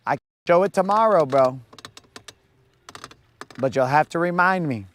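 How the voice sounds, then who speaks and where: A man's voice: on the high side, lively intonation, moderate pace, fairly bright tone. A man hosting a fishing livestream, chatting casually and teasing viewers in a playful, slangy way while he fishes outdoors on a lake. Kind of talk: casual live-stream chat.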